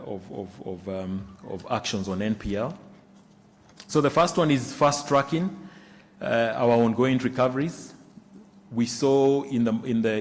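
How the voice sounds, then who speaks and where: Halting man presenting in a reverberant hall. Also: on the low side, darkish tone. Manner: halting, many fillers and restarts. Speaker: bank executive presenting results. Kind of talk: results presentation. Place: conference room.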